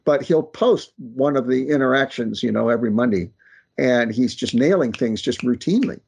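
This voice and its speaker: Man, guest researcher, emphatic, casual chat, raspy, gravelly. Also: mid-range voice, moderate pace, a little mellow. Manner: earnest, emphatic, arguing his point. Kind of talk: casual conversation.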